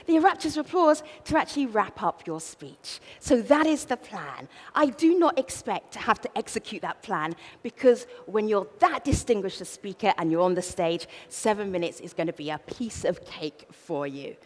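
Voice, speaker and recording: South London woman as event host, playful comic stage patter, long hall reverb, mid pitch. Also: expressive, normal speed, hardly any pauses. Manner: playful, theatrical, humorous. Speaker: conference moderator. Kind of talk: live event hosting. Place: large conference hall.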